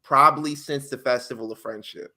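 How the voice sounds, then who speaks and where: A bright, forward-voiced man chatting on a podcast. He tells stories in animated bursts and slips into slangy acted-out quotes. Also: medium pitch, a little fast. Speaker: podcast co-host. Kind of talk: casual chat.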